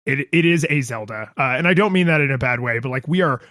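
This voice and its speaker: A man's voice: mid-range voice, expressive, fast talker, bright, forceful tone, no echo, studio quality. A man co-hosting a casual podcast chat who rambles, makes fun of himself and acts out quotes in a raised voice. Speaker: podcast co-host.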